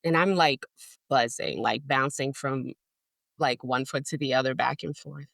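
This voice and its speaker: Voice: mid-range voice, moderate pace, gravelly, a bit bright, no echo. A person describing their character's actions in a tabletop game, hesitant and sometimes dropping to a whisper. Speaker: player.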